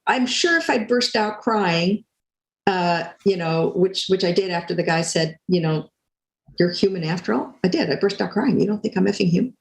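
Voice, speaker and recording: Animated older woman telling a story. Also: mid-range voice, reverberant, low-quality recording. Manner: animated, acts out quotes. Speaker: guest speaker. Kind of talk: storytelling talk.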